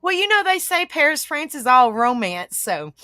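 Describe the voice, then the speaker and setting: A woman's voice: high-pitched, very animated, normal speed, pushed and bright, a little hiss or hum. A woman with a Southern US accent, chatting casually as host of a live stream, laughing often and using folksy slang. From Southern United States.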